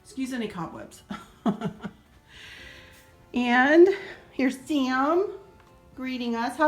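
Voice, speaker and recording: A middle-aged woman giving a chatty, sentimental home decor tour with soft laughs. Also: a little high. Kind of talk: casual home tour narration. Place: indoors in a house. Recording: roomy echo, faint music.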